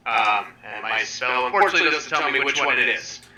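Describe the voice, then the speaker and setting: A man playing a tabletop game, describing his character's actions haltingly with many fillers. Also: medium pitch, expressive, bright, forceful tone, a little hiss or hum, low-quality recording. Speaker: player. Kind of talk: casual tabletop role-play.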